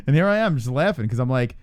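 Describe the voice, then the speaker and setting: A man's voice: medium pitch, a little mellow, clean tone, dry recording. A man hosting a casual live stream, teasing his co-host and laughing with profane banter.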